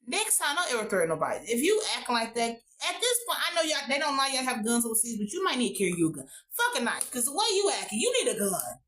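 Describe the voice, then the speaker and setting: A woman recapping a TV episode in a casual vlog, animated, slangy and profane. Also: fairly high pitch, quick pace, hardly any pauses. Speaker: TV show reviewer.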